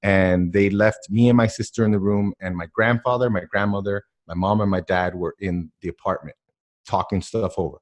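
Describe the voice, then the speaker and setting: A man from the Miami area, a podcast guest telling a personal story in an animated, emphatic way, with lots of filler words. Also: on the low side, normal speed.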